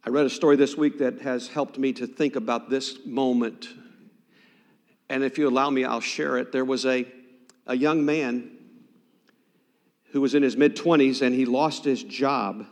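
Preacher with dramatic loud-to-hushed swings. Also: male voice, medium pitch, steady tone, moderate pace, pauses often. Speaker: pastor. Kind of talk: sermon. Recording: long hall reverb.

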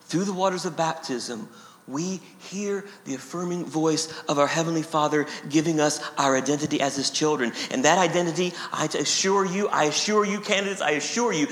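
Male pastor, high bright voice, emphatic repeating sermon, roomy church reverb. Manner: emphatic, repeats phrases for stress. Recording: echoey hall reverb.

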